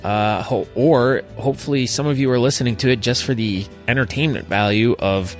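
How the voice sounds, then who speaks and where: A man's voice: mid-range voice, brisk. A male podcast host, teasing the guest and wrapping up in wry casual talk. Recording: music playing underneath.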